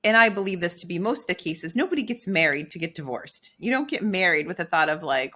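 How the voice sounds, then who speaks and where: A middle-aged woman co-hosting a podcast, telling a personal story in a candid, animated way and acting out her own inner dialogue. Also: on the low side, fairly quick, hardly any pauses. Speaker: podcast co-host.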